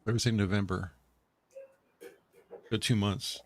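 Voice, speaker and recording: A man's voice: lowish voice, steady tone, takes it slowly. A man co-hosting a casual online talk show, telling rambling stories with many restarts. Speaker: podcast co-host. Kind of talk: casual chat.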